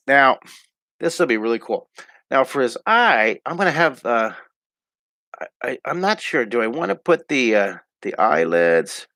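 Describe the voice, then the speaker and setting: A man's voice: mid-range voice, vocal fry, a bit bright, no echo. A cheerful middle-aged man teaching drawing live from home. He chats freely and talks through every stroke in a mid-range voice. The sound is dry and close. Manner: upbeat, chatty, talks through each pencil stroke. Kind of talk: live online drawing lesson.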